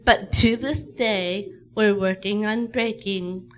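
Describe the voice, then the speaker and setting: A woman's voice: medium pitch, fairly even intonation, slow pace. A woman from Texas telling a playful story about her dog. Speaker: guest storyteller. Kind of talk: casual storytelling.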